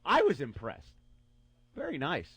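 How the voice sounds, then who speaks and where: A man co-hosting a radio show in casual chat, telling a crude story in an animated way and acting out the quotes, on a studio microphone. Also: a little high, a little slow, crowd noise.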